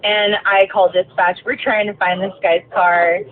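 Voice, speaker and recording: A woman's voice: mid-range voice, level tone, a little slow, a crowd in the background. Ranting woman bus driver, tinny recording. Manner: ranting, swearing, many fillers. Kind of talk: casual storytelling rant while driving. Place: inside a moving bus.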